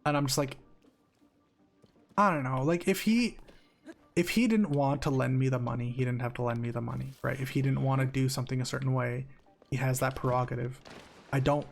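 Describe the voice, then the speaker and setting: A man's voice: medium pitch, vocal fry. A young man streaming, telling a story while gaming, heated and swearing freely with frequent restarts.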